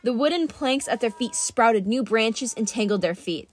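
A woman's voice: a little high, animated, moderate pace, soft background music. Woman reading a storybook aloud. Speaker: audiobook reader. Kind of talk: first-person storybook narration.

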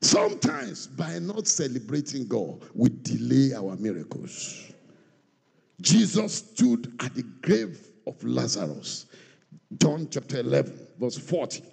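Gravelly preacher in an echoing hall. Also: male voice, medium pitch, measured pace. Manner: animated, acts out voices, swings between shouts and quiet asides. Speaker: pastor. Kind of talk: sermon. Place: church hall. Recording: long reverb of a large hall.

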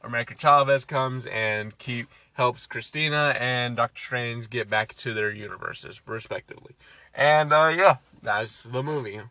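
A man's voice: mid-range voice, normal speed, pushed and bright, dry recording. A man casually recapping a film, ranting and swearing, exasperated. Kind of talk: casual movie recap chat.

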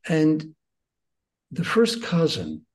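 A man in his sixties, a guest teacher, earnestly telling personal stories in conversation and moving between excited and hushed tones. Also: a little high, very slow.

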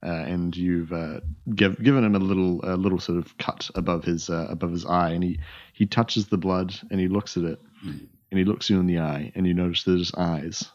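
Deep voiced guy running a tabletop game, lots of uhs, kinda muffled audio. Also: steady tone, normal speed, a little mellow. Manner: rambling, with many "uh" fillers and restarts. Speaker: game master. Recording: dull lo-fi audio.

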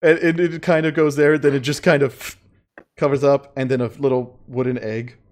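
A game master narrating a tabletop game in a casual, profane, animated way. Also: mid-range voice, normal speed.

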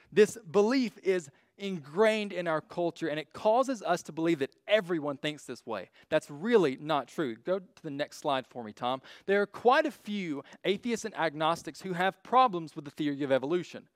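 A man's voice: on the high side, expressive, moderate pace, no room sound, studio quality. A man giving a casual lecture with slides, blunt and full of joking asides. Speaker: speaker teaching a class on faith and evolution.

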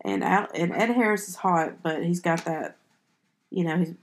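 A woman with a fairly low voice hosts a casual movie podcast. She talks in a rambling, chatty way and keeps restarting her sentences as she goes. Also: moderate pace. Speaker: podcast host.

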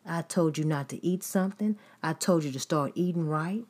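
A woman's voice: low-pitched, normal speed, a little mellow. A woman preaching a sermon in an emphatic, repetitive style, building points through long lists.

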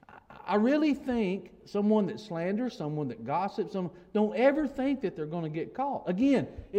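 A man's voice: sits high, warm tone. A male pastor preaching a sermon in a conversational way, with frequent restarts and "you know"s, then rising to emphatic declarations.

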